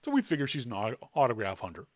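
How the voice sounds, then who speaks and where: A man hosting a podcast, telling a self-deprecating anecdote in a casual, animated way. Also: medium pitch, quick pace, no room sound, studio quality. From Canada. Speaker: podcast host. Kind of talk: casual storytelling.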